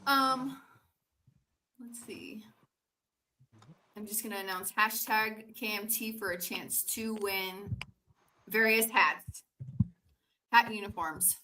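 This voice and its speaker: A woman's voice: medium pitch, a little slow, bright, forceful tone, rough recording. A woman co-hosting a casual livestream, upbeat as she reads viewer questions aloud. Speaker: co-host reading viewer questions.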